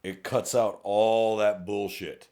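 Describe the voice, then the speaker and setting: A middle-aged Texan cop co-hosting a laid-back podcast speaks slowly in a fairly low, somewhat mellow voice with little pitch movement. He's blunt and swears a lot, acting out exchanges he's had with drivers during traffic stops.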